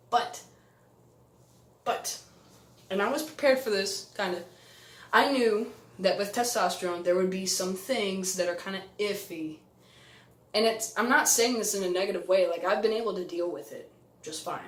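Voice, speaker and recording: A man's voice: sits high, a bit bright. Reflective young man vlogging, echoey room. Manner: reflective, candid, halting restarts. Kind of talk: candid personal vlog.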